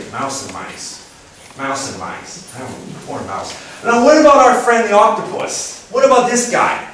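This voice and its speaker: A man giving a relaxed, self-mocking talk to a live audience, his pitch leaping around as he plays out small dialogues. He is picked up from some distance, so his voice rings through a very reverberant room with a faint hiss underneath. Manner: playful and self-mocking, acts out little dialogues. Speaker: guest speaker at a talk event. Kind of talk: casual public talk on word origins.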